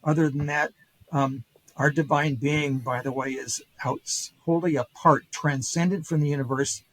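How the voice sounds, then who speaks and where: A man's voice: a little high, fairly even intonation, normal speed, husky, no echo, rough recording. An older man, a historian guest on a podcast, retelling ancient stories casually with quoted voices and many fillers and restarts. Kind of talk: casual storytelling lecture.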